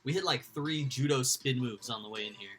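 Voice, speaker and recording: A man's voice: mid-range voice, brisk, fairly bright tone, faint music behind. A man hosting a livestream, rambling casually to his chat, swearing freely. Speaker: livestream host. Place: indoors at home.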